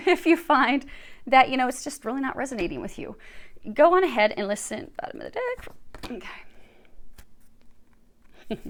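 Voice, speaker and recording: A woman's voice: fairly high pitch, a little hiss or hum. A woman giving a chatty tarot reading, sounding congested from a cold and talking to viewers as she lays out cards. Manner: chatty, reassuring, talks while laying out cards. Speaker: tarot card reader. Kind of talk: casual spoken tarot reading.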